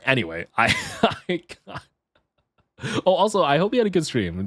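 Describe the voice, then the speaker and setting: Man, live streamer, casual chat, swings up to excited yelps, very lively pitch, dry sound. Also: quick pace, long pauses, dry recording. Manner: animated, jumps into high excited yelps. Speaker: VTuber streamer.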